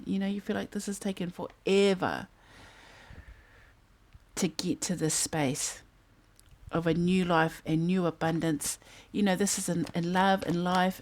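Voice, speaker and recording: New woman, tarot reader, lowish voice, chatty and rambling, thinks out loud to her viewers. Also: fairly even intonation, unhurried. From New Zealand. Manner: chatty, musing aloud, breaks into snatches of song. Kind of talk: casual tarot reading to camera. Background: fan humming in the background.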